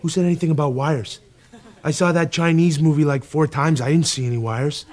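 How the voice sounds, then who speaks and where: A man's voice: a little high, steady tone, fairly quick, a little mellow, lightly acted. A man playing a vain, touchy action star. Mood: self-important. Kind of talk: sketch comedy clip.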